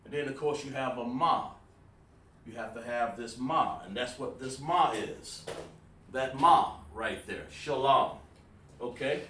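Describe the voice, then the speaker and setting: A man gives a loose, informal language lesson at a board, talking straight to his viewers. His voice sits at an ordinary pitch. The sound is roomy and comes from a mic set well back from him. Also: a little slow, sharp tone, distant mic. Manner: casual, informal, addresses viewers by name. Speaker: teacher. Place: room with a writing board.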